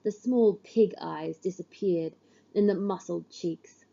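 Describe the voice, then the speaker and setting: A woman reading a literary story aloud in the first person, measured and grave, on a dull lo-fi recording. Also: fairly low pitch, vocal fry, mellow. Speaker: audiobook reader.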